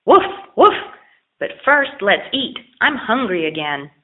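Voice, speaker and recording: A woman's voice: fairly high pitch, sing-song, slow pace, pitched above the performer's own voice. A woman voicing a loyal, blunt male dog in a children's storybook, with yelping barks and bossy warnings. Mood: excited. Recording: lo-fi phone-like audio.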